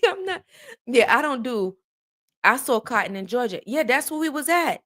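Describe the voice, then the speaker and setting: A woman from the American South hosts a loose, casual chat with her viewers. She talks in an animated, jokey way and swings into exaggerated disbelief. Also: high-pitched, a little slow. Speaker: host.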